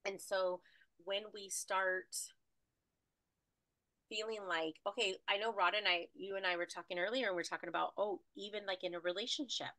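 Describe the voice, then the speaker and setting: Chatty woman healer, bright voice, rambly with lots of ums, dry sound. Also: medium pitch, normal speed, no echo, poor audio. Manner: chatty, rambling, animated with fillers. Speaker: energy healer. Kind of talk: casual spiritual healing talk.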